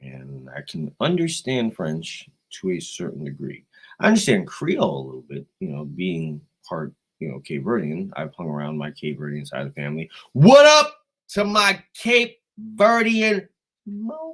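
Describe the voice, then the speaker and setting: An American man rambling profanely on a livestream, jumping between loud outbursts and quiet asides. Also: extremely low pitch, very animated, moderate pace, gravelly, slightly rough, rough recording. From United States. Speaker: livestream host. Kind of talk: rambling casual livestream chat.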